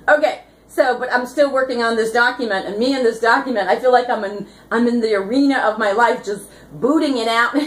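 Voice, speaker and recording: A woman's voice: on the high side, roomy sound, poor audio. A woman activist giving a fired-up, rambling vlog monologue, full of rhyming catchphrases and giggling asides. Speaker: activist vlogger.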